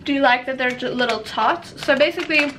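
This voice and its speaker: Bubbly high-voiced South African woman. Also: a little fast, a bit bright, a little hiss or hum. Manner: giggly, upbeat, laughs often. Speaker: vlogger host. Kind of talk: casual chat. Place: home room lit by a ring light.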